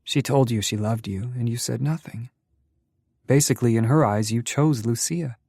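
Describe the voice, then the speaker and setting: A man voicing a kind, gentle pregnant woman who teases her friend softly, in an audiobook. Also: medium pitch, moderate pace, vocal fry, husky, dry recording, clean studio sound, pitched above the performer's own voice. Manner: softly spoken, teasing. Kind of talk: audiobook narration.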